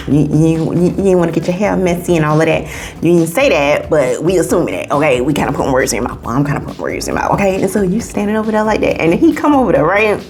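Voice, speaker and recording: Talking straight to her viewers, a woman hosts a casual, gushing movie review video. Her chatty delivery swings between hushed whispers and high-pitched squeals.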